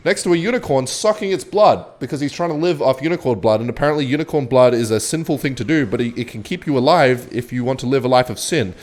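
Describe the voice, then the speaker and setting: A man's voice: mid-range voice, a little mellow. A young man telling a comedic story in a rambling, crude and profane way.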